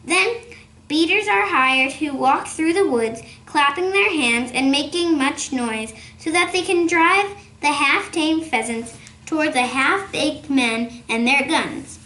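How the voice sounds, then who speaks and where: A woman reading aloud, voicing a lively, conspiratorial father who tells stories with relish. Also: high-pitched, slow pace, roomy sound, heavily acted. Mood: scornful. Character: cheerful rural father, storyteller, man.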